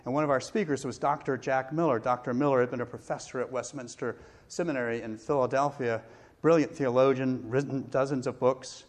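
A middle-aged male pastor preaching a sermon, telling a personal story with pauses and self-deprecating laughs. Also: medium pitch, fairly even intonation.

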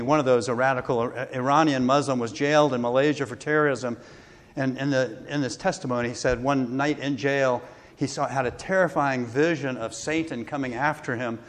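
A male pastor delivers a sermon with earnest conviction, his mid-pitched voice lifting as he quotes scripture. His words ring out with a long reverb, as in a large church sanctuary. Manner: earnest preaching, quoting scripture with rising emphasis.

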